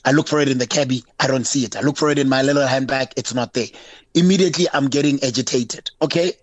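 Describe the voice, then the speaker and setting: A man's voice: mid-range voice, fast, no room sound. A South African man calling in to a radio show, animatedly recounting a roadside incident and acting out the exchanges. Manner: animated storyteller, acting out both sides of a dialogue. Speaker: caller.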